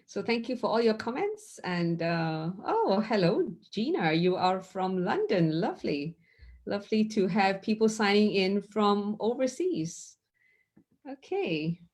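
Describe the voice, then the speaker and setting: A middle-aged woman teaching mindfulness in an online session, guiding listeners gently through stretches and reflection. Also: medium pitch, big pitch swings. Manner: slow, gentle, instructive.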